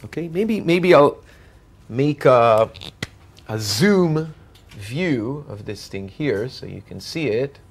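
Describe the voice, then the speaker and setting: A male university lecturer working through a math lecture at an unhurried pace. His pitch rises and falls widely as he explains each step while drawing, and he keeps pausing to ask whether the class follows. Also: expressive, slightly rough. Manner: checks in with students often.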